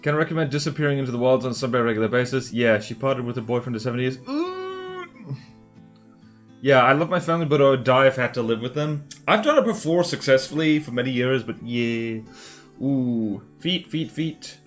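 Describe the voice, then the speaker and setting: A man's voice: medium pitch, fast talker, faint music behind. A man streaming while drawing, chatting casually, muttering to himself and joking with viewers. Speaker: art streamer.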